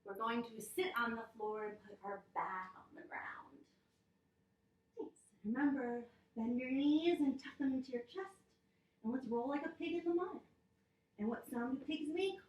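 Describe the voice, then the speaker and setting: A woman telling a picture-book story to children and leading animal yoga poses, playful and animated, making animal sounds along the way. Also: sits high, moderate pace, echoey room, far from the mic, a little hiss or hum, low-quality recording. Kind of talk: reading a picture book aloud with kids' yoga.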